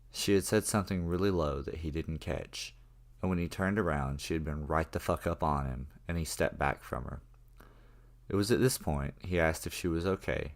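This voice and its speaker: A man with an extremely deep, low-pitched voice narrates a horror story. He tells it casually in the first person, with plenty of swearing. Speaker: creepypasta narrator.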